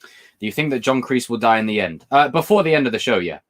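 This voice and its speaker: He's a fast talker with a medium-pitched, expressive, fairly bright voice and a British accent. Hosting a livestream, he chats casually and rambles between subjects while reading viewer comments.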